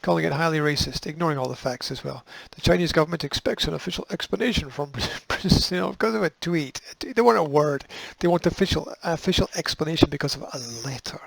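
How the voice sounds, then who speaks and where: A man with a gravelly, slightly raised voice reads out news lines and then cuts in with sarcastic comments. His tone is dismissive and offhand. The recording is close and dry. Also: a little high, animated, fairly quick, few pauses, dry recording, low-quality recording. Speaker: host.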